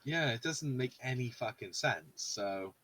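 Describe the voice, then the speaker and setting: Bright-voiced British podcast co-host. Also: male voice, mid-range voice, lively intonation, measured pace. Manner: swearing, laughing, jumps into comic put-on voices. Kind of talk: casual podcast chat.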